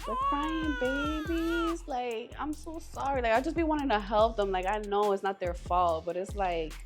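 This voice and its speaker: A woman's voice: medium pitch, a little fast, soft background music. A woman co-hosting a podcast, complaining in an exasperated, swearing, casual way. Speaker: podcast co-host. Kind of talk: casual group chat.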